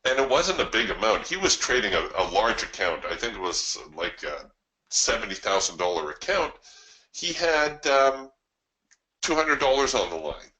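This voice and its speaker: A man's voice: mid-range voice, sing-song, normal speed, pushed and bright, low-quality recording. A man hosting a live trading webinar, explaining his approach in a conversational way and telling stories to his listeners. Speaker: trading coach and webinar host.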